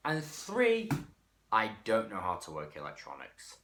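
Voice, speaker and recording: Casual male toy reviewer; frank and self-correcting, lively delivery, roomy sound. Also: lowish voice, slow. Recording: echoey room.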